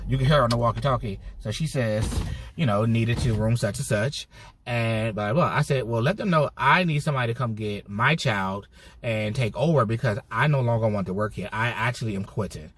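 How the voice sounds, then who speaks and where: A man vlogging a casual storytime, telling it in a heated, profane way with animated bursts. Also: medium pitch, a little fast, a little hiss or hum. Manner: cheerful put-on customer-service voice when mimicking himself.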